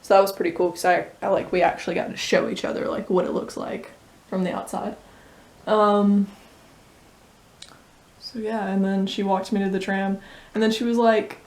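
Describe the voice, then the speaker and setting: Woman vlogger, middle pitch, chatty storyteller, loose and full of fillers. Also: little pitch movement, moderate pace, long pauses, a little mellow. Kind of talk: casual chat.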